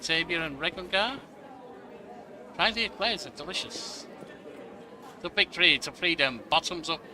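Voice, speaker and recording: A man's voice: high voice, expressive, a little slow, a crowd in the background. A man commenting on his game playthrough, reading text aloud with playful asides. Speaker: gamer. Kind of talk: let's-play commentary.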